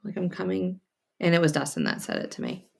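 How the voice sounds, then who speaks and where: A woman from North Carolina, voice on the low side with vocal fry and wildly swooping pitch, talks a little fast while hosting a casual quilting stream from her sewing room at home. Chatty as she sews, she reads viewers' comments aloud over faint sewing machine noise.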